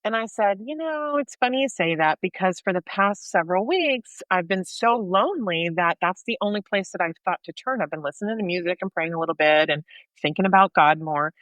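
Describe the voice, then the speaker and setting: Animated woman telling a personal story. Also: medium pitch, fairly quick, no room sound. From United States. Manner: animated storyteller, acts out dialogue. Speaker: podcast co-host sharing her faith story.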